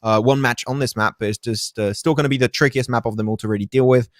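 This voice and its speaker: A man casting a live mobile shooter tournament, fast play-by-play commentary with joking asides. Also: medium pitch, fairly even intonation, no room sound, studio quality. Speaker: esports caster.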